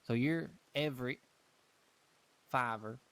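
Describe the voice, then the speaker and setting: A man's voice: mid-range voice, takes it slowly, a bit bright, smooth. A man chatting in character in a western roleplay game, easygoing and jokey. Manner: easygoing, jokey, often confused by names. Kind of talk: in-character casual chat.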